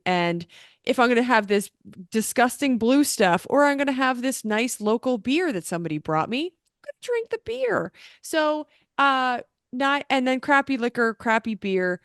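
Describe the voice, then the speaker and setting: A woman's voice: a little high, animated, measured pace, fairly bright tone, clear, resonant tone, no echo, studio quality. A woman co-hosting a racing podcast, ranting bluntly in a casual chat. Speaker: podcast co-host.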